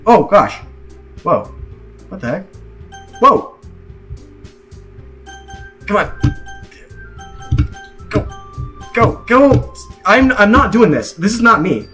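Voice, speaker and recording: A high-voiced young man commentates a scary game live, jumpy and quick to laugh in mock panic. Faint game music runs behind him. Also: very animated, pushed and bright. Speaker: gaming streamer. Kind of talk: live let's-play commentary.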